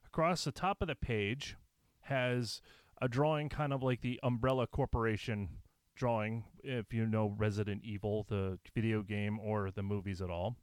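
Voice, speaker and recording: A man's voice: on the low side, steady tone, normal speed, clean tone, no echo. A man vlogging, reading aloud and commenting in a blunt, profane, indignant way with sarcastic asides.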